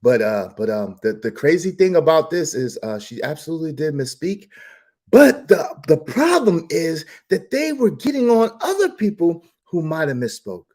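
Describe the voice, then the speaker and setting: A male stream host giving fast-swinging, theatrical commentary, mocking and exclaiming, then dropping to a mutter. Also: on the high side, sing-song, darkish tone.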